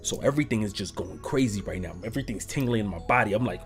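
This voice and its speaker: A man telling a story on his vlog in an animated, profane, slangy way. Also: lowish voice, fast talker, few pauses, music in the background. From New York. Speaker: YouTuber.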